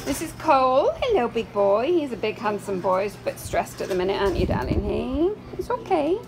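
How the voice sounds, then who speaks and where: A woman walks along the kennels, presenting each rescue dog and sliding into soft baby talk with them. Her voice sits high and swoops up and down. The phone recording is noisy, with dogs barking close by. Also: sing-song, brisk, gravelly. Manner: coos and baby-talks to the dogs. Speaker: dog rescue worker introducing new dogs. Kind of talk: casual walkaround video.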